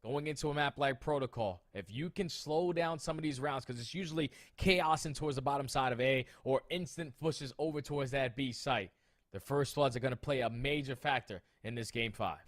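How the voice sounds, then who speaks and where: A man's voice: mid-range voice, brisk. A man casting an esports match with hyped enthusiasm and casual slang. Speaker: esports caster. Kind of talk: esports desk commentary.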